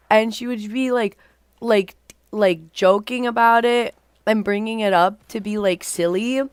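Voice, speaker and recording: A woman's voice: medium pitch, unhurried, clear, resonant tone, dry recording, studio quality. A young woman livestreaming a game, rambling through a storytime with lots of fillers and casual swearing. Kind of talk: rambling storytime while gaming.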